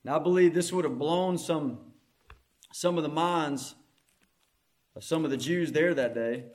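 A man preaching a sermon, moving between hushed scripture reading and loud, impassioned proclamation. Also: fairly high pitch, a little slow.

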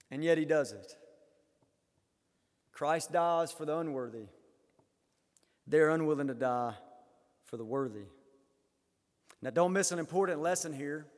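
A man preaching a sermon, acting out quoted lines dramatically and swinging from loud to hushed. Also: on the high side. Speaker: pastor. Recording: hall reverb.

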